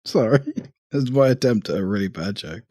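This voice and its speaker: A deep-voiced man chats on a relaxed podcast, low-key and dry. His voice sounds close and dead, with no room in it, as he drops the odd corny joke. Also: normal speed, dry recording. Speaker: podcast co-host. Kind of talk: casual chat.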